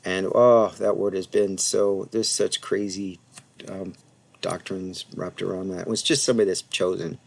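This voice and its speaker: A man giving a casual Bible lesson, talking through a passage with frequent fillers and asides and sounding out Greek words slowly. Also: deep voice, steady tone, vocal fry, a little mellow. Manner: conversational, many fillers and asides, reads Greek haltingly. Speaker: Bible teacher. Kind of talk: casual teaching presentation.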